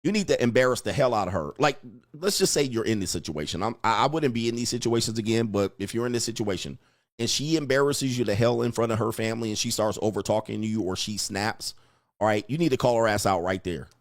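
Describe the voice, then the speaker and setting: A man's voice: lowish voice, quick pace, no echo, studio quality. A man giving blunt, crude relationship advice in a mocking, preachy rant, answering viewer comments. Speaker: dating advice host.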